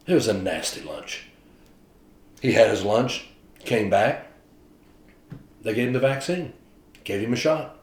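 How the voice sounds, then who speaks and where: A man's voice: medium pitch, reverberant. A man, a pastor, telling stories in a casual, chatty devotional talk. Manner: chatty storytelling, animated retelling.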